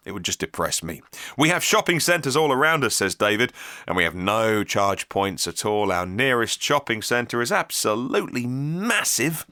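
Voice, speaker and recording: A man hosts a casual podcast on his own, chatty and enthusiastic as he reads out listener messages. His voice is bright and forceful and swings widely in pitch. The sound is close and dry, with no room around it. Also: no room sound. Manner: chatty and enthusiastic, thinks aloud with restarts. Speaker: podcast host. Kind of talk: casual solo podcast, reading listener emails.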